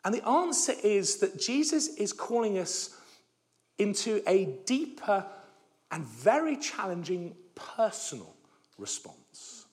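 Animated high-voiced male preacher. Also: unhurried. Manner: animated, emphatic with stumbling restarts; voice drops low and soft at phrase ends. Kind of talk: sermon.

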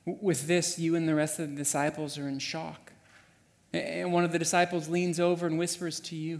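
A man preaching a sermon, telling a story vividly and swinging from hushed passages to loud, urgent ones. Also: on the high side, little pitch movement, normal speed, long reverb tail. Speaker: pastor. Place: church sanctuary.

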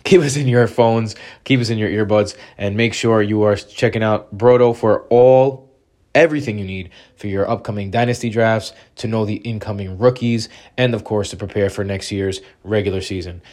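Male host, a bit under the weather, upbeat promo read, lowish voice. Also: steady tone, normal speed, a little mellow. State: a little sick. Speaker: podcast host. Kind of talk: scripted show announcement.

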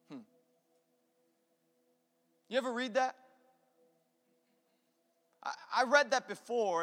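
A man preaching a sermon, impassioned, swinging between loud bursts and hushed moments. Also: very high-pitched, normal speed, long pauses, long reverb tail. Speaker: pastor.

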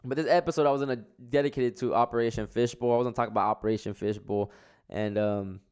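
A man's voice: medium pitch, steady tone, fast talker, darkish tone, smooth. A man hosting a solo podcast, talking in a rambling, profane, slang-heavy way while stoned. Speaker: podcast host. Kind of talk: casual solo podcast monologue.

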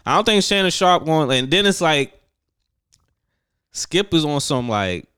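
A man's voice: on the high side, big pitch swings, unhurried, sharp tone, clean tone, dry recording, clean studio sound. A man co-hosting a podcast, talking loosely and profanely in casual chat and laughing often.

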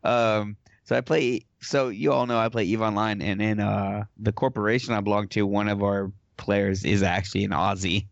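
A man's voice: fairly low pitch, level tone, moderate pace, creaky, few pauses, dry recording. A man co-hosting a casual podcast, laid-back and swearing casually. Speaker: podcast co-host. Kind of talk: casual chat. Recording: dry, muffled lo-fi audio.

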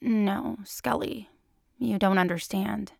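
A woman voicing a sheepish, mopey male FBI agent who talks hesitantly and softly. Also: mid-range voice, fairly even intonation, takes it slowly, vocal fry, no room sound, clean studio sound.

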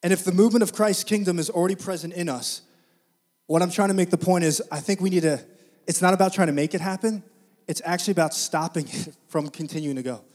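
A man preaching a sermon, telling a story conversationally to the congregation and building to loud, emphatic preaching. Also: high voice, fast. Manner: conversational, addresses the congregation directly.

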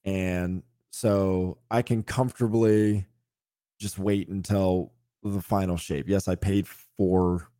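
A man's voice: deep voice, steady tone, slow pace, dark tone, no echo, clean studio sound. A man co-hosting a gaming podcast, chatting casually and animatedly. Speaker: podcast co-host. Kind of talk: casual chat.

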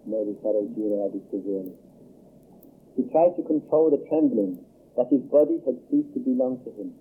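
A man who teaches dharma, reading a novel aloud in a measured storytelling manner with brief asides. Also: medium pitch, animated, slight background noise. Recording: tinny phone-like line.

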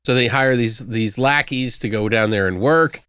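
Young male podcast co-host, loose and profane, clear smooth tone, dry close recording. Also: mid-range voice, normal speed, sharp tone, no room sound. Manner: rambling, loose and profane, many fillers. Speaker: podcast co-host, movie reviewer. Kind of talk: casual movie review chat.

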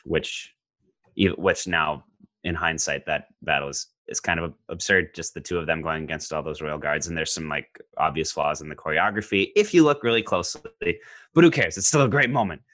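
A man talking casually about a movie, enthusiastic and jokey, with quick bursts of excitement. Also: a bass voice, dry recording, clean studio sound. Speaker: co-host discussing a film. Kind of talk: casual film discussion.

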